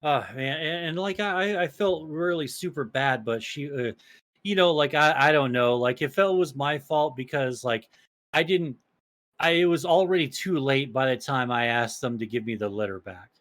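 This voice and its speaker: A man's voice: medium pitch, normal speed, a bit bright. A young man co-hosting a casual podcast, telling stories in a rambling, profane way, full of restarts and fillers. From small town. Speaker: podcast co-host.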